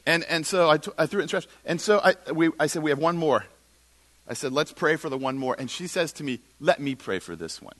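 A middle-aged man telling a lively personal faith story at a church, acting out the people he quotes. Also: fast. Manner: animated storyteller, quotes others in lowered voice. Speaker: speaker at a church. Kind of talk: storytelling sermon talk.

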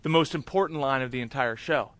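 A man's voice: medium pitch, fairly quick, fairly bright tone, pitched below the performer's own voice, lightly acted. A coaxing female agent, as a preacher quotes her. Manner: coaxing, selling an offer. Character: persuasive female talent agent, adult.

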